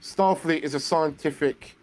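A man's voice: a little high, unhurried, a little mellow. A man co-hosting a podcast, explaining hesitantly with many restarts in casual chat. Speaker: podcast co-host. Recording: faint background noise.

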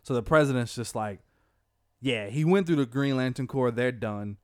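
Man, casual storytelling, animated, quotes characters, dry close sound. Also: medium pitch, normal speed, clean tone, dry recording. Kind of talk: casual retelling of a comic book plot.

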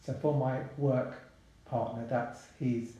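A man, talking casually as a podcast guest in a relaxed, chatty way with many asides. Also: mid-range voice, slow pace. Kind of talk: casual interview talk. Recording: very echoey room.

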